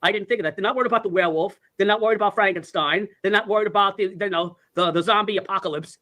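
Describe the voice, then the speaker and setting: A man's voice: sits high, very fast, sharp tone. A man in his sixties telling rambling, profane stories in casual chat, full of "like" and "I go". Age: 60s. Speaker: storyteller. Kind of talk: casual storytelling.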